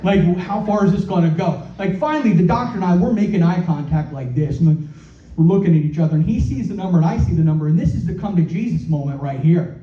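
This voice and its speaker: A man doing a stand-up comedy set in a comedy club. He talks in halting, self-deprecating bursts and repeats his words often. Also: high voice. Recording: roomy, dull club recording from a distance.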